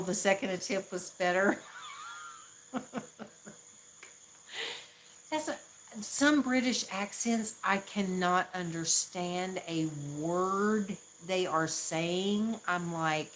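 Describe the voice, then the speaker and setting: A woman's voice: medium pitch, a little hiss or hum, poor audio. A woman from the Southern US with a Southern accent, chatting casually on a live stream, laughing often and poking fun at herself. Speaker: livestream host.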